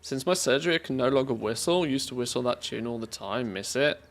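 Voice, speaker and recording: Gravelly streamer thinking aloud. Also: male voice, mid-range voice, animated, brisk, a bit bright. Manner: thinking aloud, chatty, laughs easily. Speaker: game streamer. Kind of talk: casual live-stream commentary.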